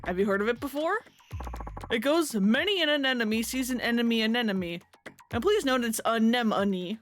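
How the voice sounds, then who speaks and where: A woman reading aloud as a polite, formal male language teacher who lectures and corrects in a measured way. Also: a little high, animated, close to an everyday voice. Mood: instructive. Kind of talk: reading game dialogue aloud.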